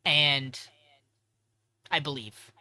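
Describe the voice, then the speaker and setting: A man co-hosting a podcast recaps an episode in loose, rambling fashion. He swears freely and often backtracks to fix details. His voice has a bright, sharp edge. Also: on the high side, drawn-out words, no room sound. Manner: rambling, profane, self-correcting. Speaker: podcast co-host.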